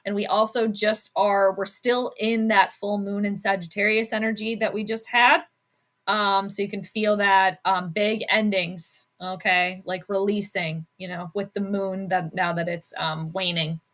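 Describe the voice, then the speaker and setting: Chatting and giggling through viewer comments, this livestream host keeps things casual as she talks sports and astrology, with many fillers. Her voice is medium in pitch and sounds pushed and bright.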